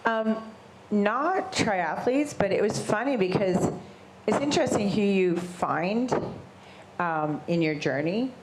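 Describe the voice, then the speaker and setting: A middle-aged woman, a guest in an interview, telling her story in a casual, animated way and acting out the voices of people she quotes. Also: medium pitch, takes it slowly. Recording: roomy echo with faint ambient noise.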